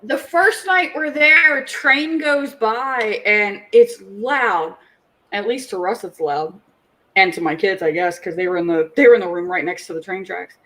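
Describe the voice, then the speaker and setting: A woman in her forties, a podcast co-host, telling a family story in casual chat, animated and swearing freely. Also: medium pitch, a little slow, rough recording.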